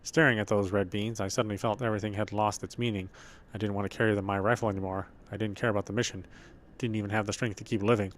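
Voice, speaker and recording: Low-voiced man reading game story. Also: level tone, a little hiss or hum. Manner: reads slowly with feeling, stumbles and restarts. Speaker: gameplay streamer.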